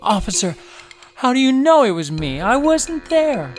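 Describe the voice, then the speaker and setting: A man's voice: very animated, a little slow, faint music behind, full character voice. A man voicing a young male giraffe who pleads that he is innocent in a kids' podcast skit. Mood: pleading. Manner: pleading, high-pitched protests. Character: whiny young male giraffe accused of a crime.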